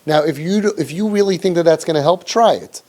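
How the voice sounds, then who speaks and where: A middle-aged man giving a parenting workshop lecture, sarcastic and animated, with many rhetorical questions. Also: a little high, brisk. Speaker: parenting coach.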